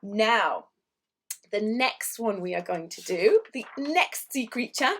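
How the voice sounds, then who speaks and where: A woman's voice: mid-range voice, expressive, takes it slowly, a little hiss or hum. A woman leading a children's draw-along lesson, encouraging and playful, with little voiced sound effects. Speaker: children's drawing tutor.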